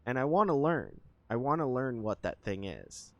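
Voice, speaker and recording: A man's voice: medium pitch, sing-song, normal speed, a little mellow, no room sound, dull audio. A man streaming a game and chatting with his viewers, rambling and hesitant with lots of fillers as he thinks aloud. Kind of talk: casual live-stream chat with viewers.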